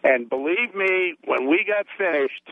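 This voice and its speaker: A man's voice: high-pitched, lively intonation, a little slow, vocal fry, no room sound. A blunt, tough-talking male caller, a former police officer, heard over a tinny phone line. The sound is thin and dry, with no room around it. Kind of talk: call-in storytelling.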